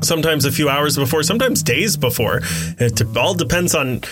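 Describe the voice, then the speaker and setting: A man with a slightly high voice trades crude jokes in relaxed podcast banter. Music plays clearly underneath him. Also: fairly quick. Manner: crude, joking. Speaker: podcast co-host.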